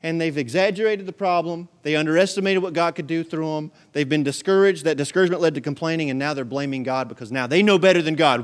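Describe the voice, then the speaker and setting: A man's voice: fairly high pitch, brisk. A male pastor delivering a sermon, preaching emphatically with repeated phrases and big swings in volume.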